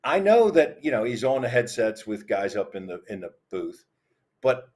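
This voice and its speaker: A man's voice: mid-range voice, very animated, moderate pace, a little mellow. Man telling sports stories. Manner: storytelling, conversational. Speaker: sports panelist. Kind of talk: casual sports talk.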